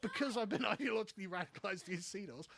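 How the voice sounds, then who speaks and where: A man's voice: sits high, lively intonation, racing, creaky, a bit bright, a little hiss or hum. A man with an English accent, giving a profane, sarcastic political rant on a live stream. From England. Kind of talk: ranting political commentary.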